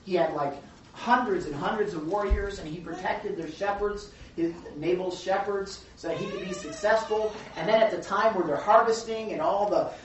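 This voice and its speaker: A woman leading a Bible study, teaching in a chatty, animated storytelling way. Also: mid-range voice, moderate pace, distant mic. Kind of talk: casual teaching. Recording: echoey room from afar, dull.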